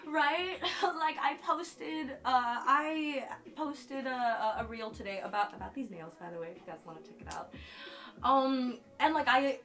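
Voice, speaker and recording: A woman's voice: fairly high pitch, fairly bright tone. A woman live streaming and chatting casually with her viewers, talking emotionally with lots of fillers and swinging between tears and giggles.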